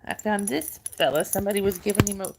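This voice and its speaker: A woman's voice: medium pitch, fast, creaky, slightly rough. A middle-aged woman hosting a casual livestream, chatting with viewers, reading their comments aloud and cooing at her dog.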